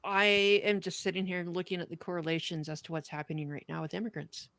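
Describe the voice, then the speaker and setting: A woman co-hosting a podcast, reading a wartime poem aloud with earnest, measured delivery and chatting casually with her co-host. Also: lowish voice, steady tone, gravelly, a bit bright, no room sound.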